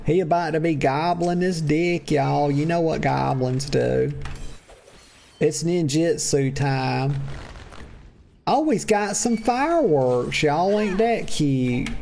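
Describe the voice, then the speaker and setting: Slow gravelly drawl, campy. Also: mid-range voice, a little mellow, a little hiss or hum. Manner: sassy, crude, campy diva persona; rambling and drawling. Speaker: gameplay commentator. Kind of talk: let's play commentary.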